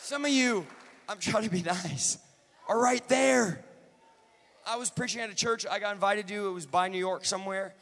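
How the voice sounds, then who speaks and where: A man preaching a sermon in a church, moving from joking asides to shouted, rhythmic calls to the congregation. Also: sits high, moderate pace, long reverb tail. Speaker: guest preacher. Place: large church.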